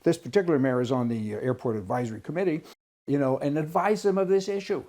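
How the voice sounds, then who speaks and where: A man's voice: mid-range voice, fast, mellow. A man from Canada giving a blunt, rambling opinion monologue, restarting his sentences and breaking into sudden exclamations. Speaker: political commentator.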